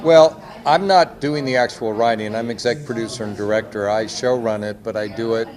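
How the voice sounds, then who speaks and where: A man's voice: medium pitch, moderate pace. A man, an executive producer and director, chatting through anecdotes in a press interview at a busy convention. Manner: chatty, anecdotal, quotes others with lively voices. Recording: crowd noise behind. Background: loud crowd chatter.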